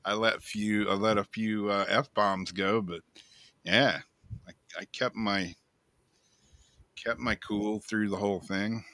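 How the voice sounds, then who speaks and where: A man's voice: lowish voice, slow pace, long pauses, no echo. A man co-hosting a casual talk show, telling a story in a loose, profane way and laughing often. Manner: profane, laughing, animated retelling. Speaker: co-host.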